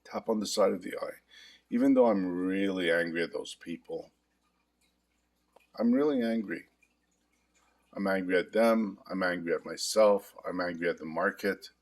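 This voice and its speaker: A middle-aged man guiding a self-help tapping session, speaking in a calm, confessional way with repeated affirmations. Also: low voice, normal speed. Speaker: hypnotherapist demonstrating tapping. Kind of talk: guided self-help demonstration.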